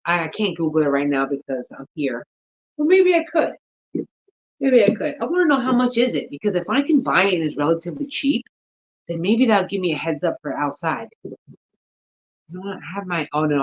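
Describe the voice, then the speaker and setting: A woman's voice: sits low, highs cut off. A woman vlogging about gardening in a casual, rambling chat, thinking aloud and yawning often. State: sleepy, yawning.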